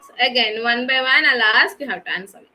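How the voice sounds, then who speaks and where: A woman's voice: fairly high pitch, quick pace, over loud music. A woman teaching young children in an online class, calling on them by name and praising their answers. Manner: patient, questioning children by name. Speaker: kindergarten teacher.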